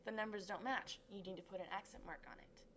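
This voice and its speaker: A woman's voice: medium pitch, steady tone, fast, a bit bright, a little hiss or hum. Upbeat woman teaching at a board. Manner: upbeat, stretches syllables dramatically for emphasis. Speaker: Spanish tutor. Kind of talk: classroom lesson.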